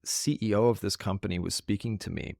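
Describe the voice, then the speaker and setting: Canadian male podcast guest, low gravelly voice, dry close sound, lively storyteller. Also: a little fast, no echo. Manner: animated storytelling, acts out quoted voices. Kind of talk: casual podcast conversation.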